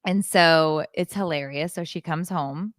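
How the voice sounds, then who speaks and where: A middle-aged woman co-hosting a casual chat, telling animated stories and acting out the people she quotes. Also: sits low, a little slow, no room sound, clean studio sound. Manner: animated storyteller, acts out quoted voices. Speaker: podcast co-host.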